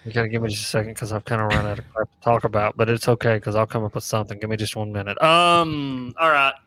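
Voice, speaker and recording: A man's voice: on the low side, steady tone, quick pace, pushed and bright, a little hiss or hum. A man guesting on a casual fishing podcast, laid-back and joking. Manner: laid-back, laughing, jokey.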